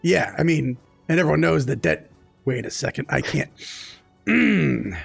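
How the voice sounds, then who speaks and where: A man's voice: fairly high pitch, lively intonation, measured pace, creaky, husky, soft background music, full character voice. A man voicing a brash, teasing green-skinned ghoul man in a tabletop game. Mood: cocky banter. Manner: cocky, teasing.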